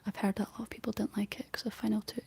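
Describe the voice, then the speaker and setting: A Scottish woman whispering softly in a rambling ASMR chat, answering her livestream viewers. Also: medium pitch, level tone, rapid-fire, gravelly, breathy edge. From Scotland.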